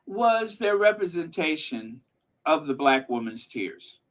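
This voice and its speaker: Man, channel host, sarcastic commentary, fairly high voice, unhurried delivery. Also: sing-song. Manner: sarcastic, emphatic, talks to viewers and live chat. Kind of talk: casual reaction commentary.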